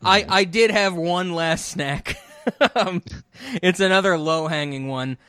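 A man's voice: high-pitched, unhurried, bright, forceful tone, smooth, dry recording, clean studio sound. A man co-hosting a podcast, chatting casually and animatedly, often swearing and acting out quotes. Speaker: podcast co-host. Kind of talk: casual chat.

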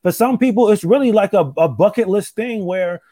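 A man's voice: sits high, moderate pace, mellow, no room sound, clean studio sound. A man who is a stand-up comic, chatting casually in a laid-back way, repeating himself and trailing off with "man". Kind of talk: casual podcast chat.

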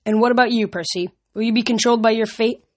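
A woman reader voicing an ancient male Titan who speaks in a smooth, coaxing, sympathetic way in a storybook. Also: on the high side, steady tone, fast, pitched above the performer's own voice, close to an everyday voice. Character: sly, silken male Titan, persuasive and patient.

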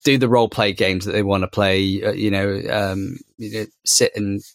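A man's voice: fairly low pitch, level tone, moderate pace, gravelly, dry recording, clean studio sound. A man in his thirties, a podcast co-host, talking casually about parenting with many fillers and restarts. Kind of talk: casual conversation.

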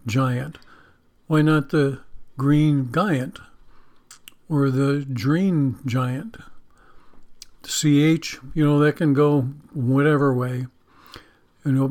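Slow-talking guy preaching, kinda folksy, voice a bit on the high side. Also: a little mellow. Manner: slow, folksy, joking about English spelling; leads a spoken prayer. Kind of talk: Bible teaching sermon.

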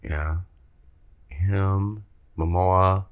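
Very deep-voiced man chatting. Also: very slow, phone-quality sound. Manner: relaxed, rambling, trails off mid-sentence. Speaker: podcast co-host. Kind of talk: casual chat.

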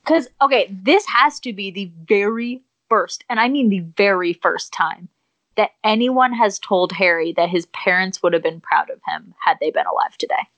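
A woman's voice: mid-range voice, normal speed, fairly bright tone, dry recording. A woman co-hosting a podcast, talking enthusiastically and swearing casually. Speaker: podcast co-host. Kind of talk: casual chat.

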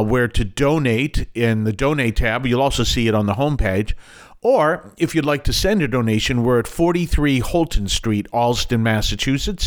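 An older man hosts a Catholic program and talks through scripture earnestly. He explains as he goes and keeps stepping aside to add remarks. His voice sits at an ordinary middle pitch. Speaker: radio program host.

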